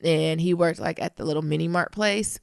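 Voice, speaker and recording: A woman's voice: low voice, a little fast, vocal fry, clear, resonant tone, no room sound, studio quality. A woman co-hosting a podcast, teasing playfully and acting out voices as she tells stories. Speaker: podcast co-host. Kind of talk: casual chat.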